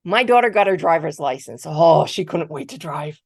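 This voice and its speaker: Low-voiced woman giving a motivational talk. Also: moderate pace, vocal fry, no room sound, clean studio sound. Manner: conversational, animated, repeats words while telling a story. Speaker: keynote speaker. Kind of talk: motivational talk with personal storytelling. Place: virtual conference talk.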